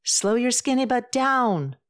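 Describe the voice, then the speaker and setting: A brash, teasing, hard-drinking woman friend from a spoken storybook, full of blunt jokes and playful jabs, as a woman reader puts her on. The voice sits low for a woman. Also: moderate pace, darkish tone, close to an everyday voice.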